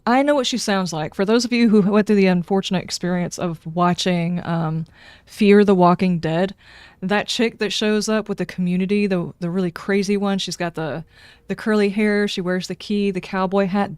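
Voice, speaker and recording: A woman's voice: medium pitch, normal speed, a little mellow, smooth, no room sound. Chatty, opinionated woman streamer. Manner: chatty, opinionated, talks to the game. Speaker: game streamer. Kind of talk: casual gameplay commentary.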